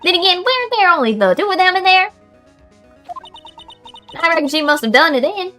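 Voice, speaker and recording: Brief: woman voicing brash young Southern-twang photographer, loud, drawling; soft music under. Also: very high voice, big pitch swings, fairly quick, voice pushed up, exaggerated voice. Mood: gossipy. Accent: put-on American Southern.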